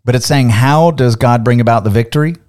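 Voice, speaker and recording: A man's voice: mid-range voice, a little fast, a little mellow, smooth. A man co-hosting a podcast, teaching the Bible in an emphatic, building way and reading scripture aloud.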